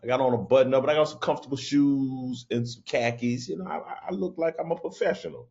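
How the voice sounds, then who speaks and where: A man who is a comedian and host, telling road stories in a casual monologue, jumping into higher voices when quoting people. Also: fast, creaky, highs cut off. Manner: animated, jumps into high voices for quoted people, frequent restarts.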